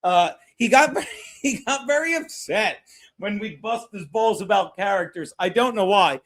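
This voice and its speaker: High-voiced joking male podcast host. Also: animated, moderate pace. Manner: loud, joking, profane, stammering restarts. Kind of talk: casual comedic banter.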